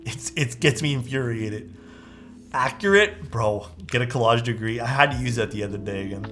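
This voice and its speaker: A young man chatting casually on a live stream, animated and swearing often, calling his viewers dude. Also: medium pitch, normal speed, soft background music.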